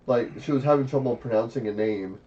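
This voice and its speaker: A man's voice: medium pitch, a little fast. A middle-aged man co-hosting a board game podcast, telling stories in casual chat and acting out quoted voices. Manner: animated storytelling with quoted asides. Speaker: podcast co-host. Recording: distant dull podcast audio.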